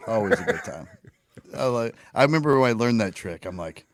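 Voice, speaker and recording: A man co-hosting a podcast in relaxed, chatty casual conversation. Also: medium pitch, fairly quick, no echo. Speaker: podcast co-host. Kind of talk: casual chat.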